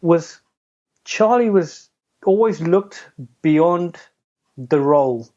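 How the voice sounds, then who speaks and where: An interview guest, a middle-aged man, shares his story casually and chattily, laughing often and mocking himself. His voice is higher than usual for a man yet mellow and dark, with lively intonation and a slow pace, on a dull lo-fi recording.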